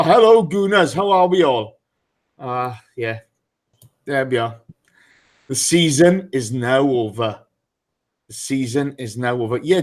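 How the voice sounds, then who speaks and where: A man hosting a live podcast in a casual, chatty way, teasing his guests and greeting listeners by name. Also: high voice. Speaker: podcast host.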